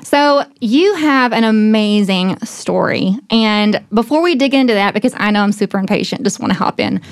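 A woman's voice: mid-range voice, normal speed. A woman hosting a podcast, giving a scripted welcome and then chatting with her guest in an upbeat, friendly way. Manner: upbeat and friendly, laughs often. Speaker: podcast host.

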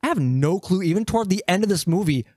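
A man's voice: high voice, quick pace, dry recording, clean studio sound. Man steering a casual movie chat. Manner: steers the talk, animated and emphatic. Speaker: podcast co-host.

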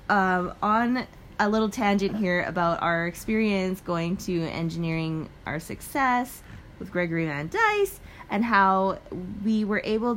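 Young woman podcast cohost, mid pitch, really lively up-and-down voice, chatty and laughing a lot. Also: slight background noise. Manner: animated, laughing storyteller. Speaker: podcast co-host. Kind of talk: casual chat.

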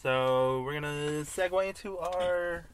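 A man's voice: on the high side, clean tone. Easygoing man hosting a car chat. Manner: easygoing, quick laugher, enthusiastic about cars. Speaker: podcast host. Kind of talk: casual chat. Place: inside a car.

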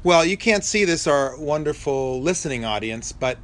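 A man's voice: fairly high pitch, expressive, moderate pace, a bit bright, a little hiss or hum. Wisecracking man co-hosting. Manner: wisecracking, laughs often, interrupts. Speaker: podcast co-host. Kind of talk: casual banter.

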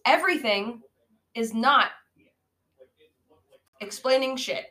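A woman's voice: a little high, lively intonation, slow pace, pushed and bright, low-quality recording. A woman co-hosting a casual podcast, rambling through a bad movie's plot with many fillers and frequent laughs. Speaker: podcast co-host. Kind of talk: casual movie-riffing chat.

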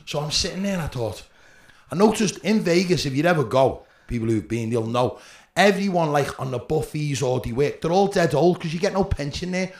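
A man's voice: a little high, lively intonation, brisk, darkish tone. A man with a Liverpool accent hosting a podcast, telling rambling stories full of swearing and "you know what I mean". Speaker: podcast host. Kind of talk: casual storytelling with heavy swearing. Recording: echoey room with faint noise.

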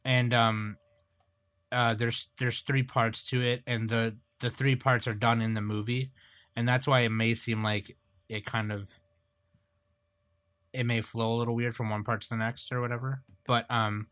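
A man talks through films on a casual podcast, animated and quick to jump in. His voice sits in an ordinary middle range. It is recorded close on the mic with no room sound at all. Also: medium pitch, no room sound. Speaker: podcast host.

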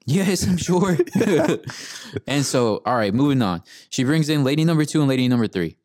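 A man's voice: medium pitch, expressive, fast, darkish tone, no echo, studio quality. A young man co-hosting a podcast, telling a rant in a laid-back, profane way and saying "bro" a lot. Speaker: podcast co-host. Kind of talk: casual storytelling rant.

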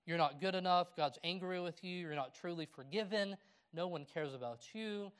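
A middle-aged man preaching a sermon, reading scripture aloud and telling personal stories with a laugh. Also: a little high. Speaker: pastor.

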